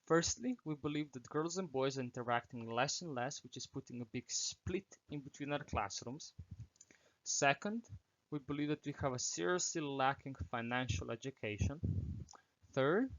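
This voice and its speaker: A man's voice: medium pitch, moderate pace, a bit bright, no room sound, dull audio. Teenage boy giving an earnest presentation. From Slovenia. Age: teens. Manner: earnest, reads through numbered points with small restarts. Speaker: student presenter. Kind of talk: prepared presentation.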